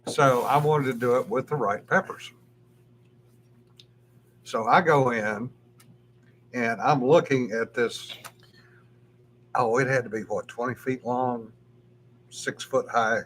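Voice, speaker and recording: A man in an easygoing, chatty podcast conversation, spinning a story at a relaxed clip. His voice sits in a middle pitch, and a faint hum runs under the recording. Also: slow, pauses often. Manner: easygoing storyteller, chuckles often. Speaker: podcast co-host. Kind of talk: casual chat.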